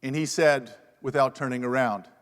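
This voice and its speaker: At the same university panel, a man speaks in a steady, clean, medium-pitched voice at a moderate pace. Wearing a lapel mic, he tells a humorous, self-deprecating professor's story while the large hall's reverb trails on.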